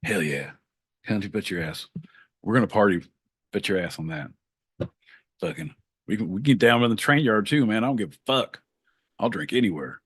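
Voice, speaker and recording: A male podcast co-host in loud, profane, playful comedic banter. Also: lowish voice, expressive, moderate pace, pauses often, slightly rough, no room sound, studio quality.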